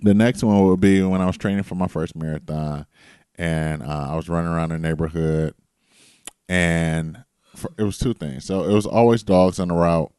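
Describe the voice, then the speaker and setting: A low-voiced man with a dark, mellow tone, co-hosting a casual podcast. He tells his stories in a loose, animated way and swears freely. The sound is dry and close. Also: normal speed, clear, resonant tone, no echo. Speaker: podcast co-host. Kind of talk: casual storytelling chat.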